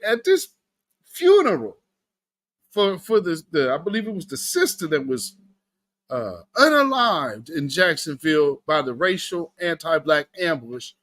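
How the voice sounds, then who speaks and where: Animated man hosting a live stream. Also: high voice. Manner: animated, laughing, talks to chat. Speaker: livestream host. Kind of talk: casual political commentary.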